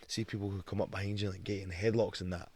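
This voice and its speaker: A young Scottish man speaks as a podcast guest, spinning stories with lively, easy energy and plenty of swearing. His voice sits low, and the sound is dry and close. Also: quick pace, slightly rough, no room sound. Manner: lively storyteller, swears freely. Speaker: guest, fighter. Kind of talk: casual podcast chat.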